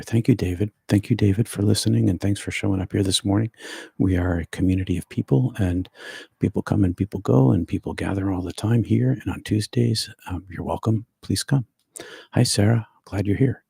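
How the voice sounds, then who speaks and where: Man, gravelly husky voice, dark tone, slow repetitive spiritual livestream talk. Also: low-pitched, no echo, clean studio sound. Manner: slow, repetitive, gently emphatic. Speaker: spiritual teacher hosting a livestream. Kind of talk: meditative live-stream talk.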